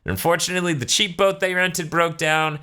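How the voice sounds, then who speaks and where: A man's voice: a little high, fairly even intonation, a little fast, pushed and bright, clear, resonant tone. A man co-hosting a casual podcast, sarcastic and profane, mocking the show and acting out characters in silly voices. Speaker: podcast host.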